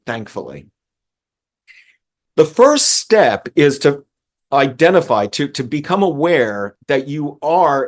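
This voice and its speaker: A man coaching on emotional regulation, speaking earnestly and often repeating a word as he restarts a phrase. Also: mid-range voice. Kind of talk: talking-head coaching lesson.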